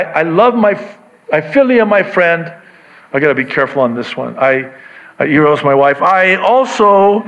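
A man preaching a sermon, unhurried, repeating key words and swinging between quiet asides and raised emphasis. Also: medium pitch. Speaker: pastor. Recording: dull lo-fi recording.

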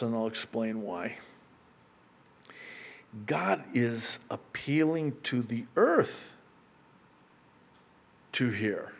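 A man preaching a sermon as pastor, swinging from loud declaiming to a hushed, near-whispered delivery. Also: medium pitch. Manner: slow, emphatic delivery.

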